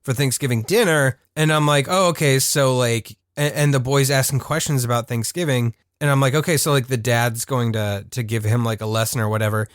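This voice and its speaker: A man's voice: medium pitch, a little fast, few pauses, dry recording. Laughing, rambling man with a dry, close sound. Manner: rambling, animated, laughing often. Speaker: podcast co-host. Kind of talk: casual chat reviewing a cartoon.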